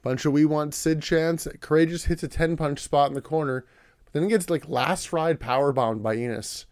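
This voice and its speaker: A man with a slightly high voice recaps casually for a podcast, rambling and leaning on filler words. He drops into little put-on voices as he goes. The sound is close and dry, with no room around it. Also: moderate pace, a little mellow, clean tone, dry recording. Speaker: podcast co-host recapping wrestling.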